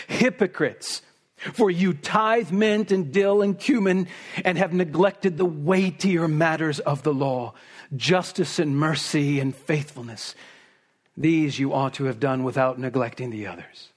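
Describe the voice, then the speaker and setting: Preacher, male, slightly high husky voice, emphatic expository delivery. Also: a little slow. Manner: emphatic, rising to forceful peaks on repeated phrases. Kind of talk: expository sermon.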